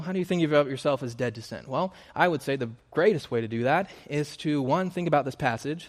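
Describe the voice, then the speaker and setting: A man's voice: fairly high pitch, big-room sound. A man preaching a sermon in an earnest, emphatic way, hammering points through repetition and correcting himself mid-sentence.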